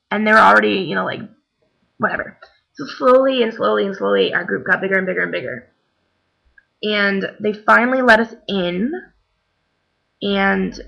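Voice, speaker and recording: Young woman rambling through a story, lots of um and like, gravelly edge, bright tone. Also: mid-range voice, low-quality recording. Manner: chatty, many fillers, acts out quoted voices. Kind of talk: casual storytelling.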